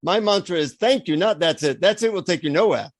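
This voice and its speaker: A man voicing a serene older male guru with an Indian accent, speaking slowly and solemnly in a podcast story. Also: sits high, lively intonation, no echo, clean studio sound, voice pushed up. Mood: patiently instructive.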